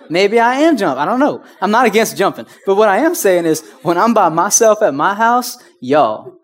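A man tells a sermon story in a loose, chatty way, slipping into laughter and sudden excited whoops. His voice sits a little high for a man.

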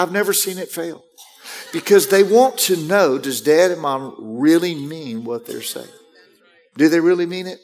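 Preaching man, slightly high voice. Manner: conversational preaching with acted-out parent and child quotes. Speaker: pastor. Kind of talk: sermon.

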